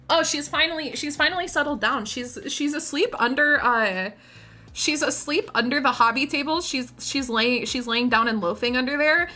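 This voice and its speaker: A woman's voice: high-pitched, normal speed, bright, forceful tone, faint music behind. A woman streamer chatting casually to her viewers while painting miniatures, rambling, giggling and often restarting her sentences.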